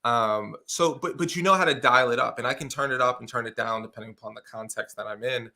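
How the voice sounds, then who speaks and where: A man with a bright, forceful voice tells stories as a guest on a talk show. He speaks with lively energy and explains his points with feeling. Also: medium pitch, fast talker. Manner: energetic, expressive storyteller with many fillers and restarts. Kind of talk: casual conversational interview.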